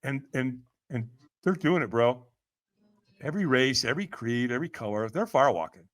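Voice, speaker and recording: Here a male podcast guest tells an animated story at normal speed, his voice medium in pitch and full of expression. Frequent laughter, impersonations of the people he quotes, and repeated "man" and "right?" fill the telling.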